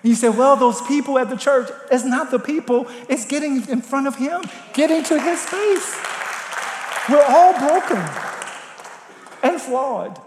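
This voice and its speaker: A man preaching a sermon with passion, rising to loud calls and dropping to hushed prayer. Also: very high-pitched, measured pace, a faint crowd. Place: church. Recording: echoey church hall.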